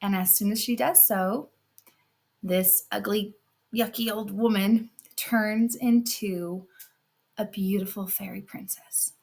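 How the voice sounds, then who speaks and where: A woman podcast host retells a fairy tale with an expressive, casual manner. She speaks in an unhurried way. Her voice sits at a middle pitch. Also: vocal fry. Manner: expressive, casual storytelling with many fillers.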